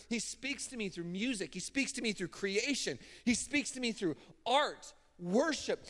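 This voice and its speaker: Very high-voiced man preaching in a reverberant church. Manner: emphatic, casual preaching with sudden loud bursts. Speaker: pastor. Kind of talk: sermon. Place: church stage. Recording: long hall reverb in a church.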